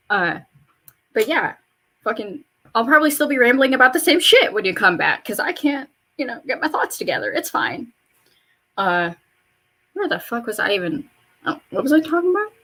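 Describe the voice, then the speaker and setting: A woman in her mid-twenties chatting casually while getting ready in her bedroom, rambling and swearing, with sudden high excited jumps in pitch. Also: normal speed, pauses often. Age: mid-20s. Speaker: vlogger. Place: bedroom at home.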